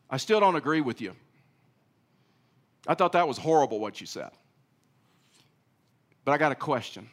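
A middle-aged male pastor preaching a sermon, telling a story with big swings between loud and soft. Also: mid-range voice.

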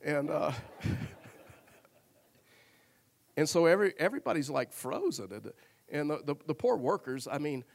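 A man's voice: a little high, lively intonation, normal speed, vocal fry, long pauses. A male pastor preaching a sermon, telling a personal story earnestly and with humor, often repeating words as he goes.

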